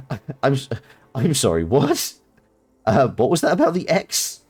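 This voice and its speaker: A man's voice: medium pitch, wildly swooping pitch, measured pace, darkish tone, slightly rough. A British man streaming a video game live, reacting with amused laughter. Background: faint game music.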